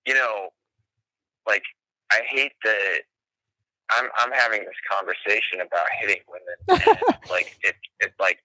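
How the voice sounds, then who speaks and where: A man's voice: lowish voice, fairly even intonation, measured pace, pauses often, sharp tone, no room sound, low-quality recording. A man in a casual livestream chat, rambling and hesitant, always checking "right?" and "you know".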